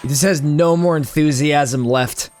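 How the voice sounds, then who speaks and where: A young man doing comedic gameplay commentary, joking, stammering and repeating words, and bursting into loud squeals. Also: fairly high pitch, measured pace, faint music behind. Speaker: streamer.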